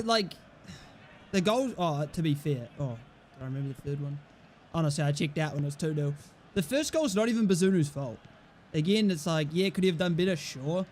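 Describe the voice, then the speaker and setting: A young man with a fairly high voice talks through a football video game. He is blunt and mocking and swears freely. A faint background hiss sits under his voice. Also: a little mellow. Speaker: gaming streamer. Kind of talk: casual football game commentary.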